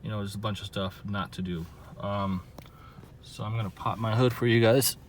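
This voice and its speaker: A man's voice: fairly low pitch, fairly even intonation, normal speed, slight background noise. A man from Southern California, filming a casual vlog outdoors by his car and explaining car trouble in a rambling way, full of fillers and restarts. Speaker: car owner vlogger.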